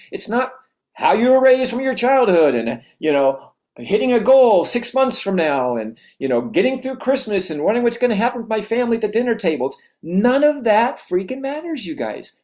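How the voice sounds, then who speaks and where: An energetic motivational coach speaks to an audience that is writing notes. The talk runs on strings of rhetorical questions, and phrases often break off and start again. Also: mid-range voice.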